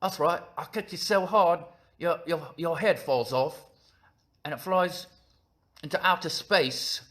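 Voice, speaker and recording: A man doing a loud, over-the-top impression of a boastful tough-guy action star with a mock British accent. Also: on the high side, unhurried, voice pushed up.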